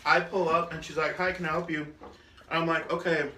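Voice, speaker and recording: A man's voice: on the high side, flat delivery, fairly quick. A man co-hosting a podcast, telling a long story casually and laughing often. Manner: laughing often while telling a story, doing quoted voices. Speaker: podcast co-host. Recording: roomy, distant mic with loud noise.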